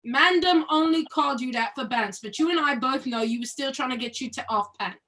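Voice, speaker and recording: Actress reading a blunt young Londoner in a British accent, fast and teasing, a bit high. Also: female voice, fairly bright tone, distant mic. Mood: scolding. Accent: British, put on. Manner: brash, rapid scolding. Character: blunt young London woman teasing her best friend. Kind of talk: cold reading of a scene.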